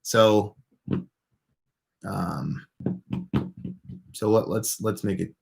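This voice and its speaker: A man's voice: on the low side, very slow, gravelly, darkish tone. An American man co-hosting a casual talk show, rambling with many hesitant restarts. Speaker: podcast co-host. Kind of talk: casual chat.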